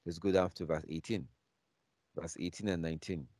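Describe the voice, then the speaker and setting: A man teaching a bible class, emphatic and repetitive, reading scripture aloud slowly and repeating key phrases again and again. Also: sits low, fairly even intonation, darkish tone, no room sound, clean studio sound.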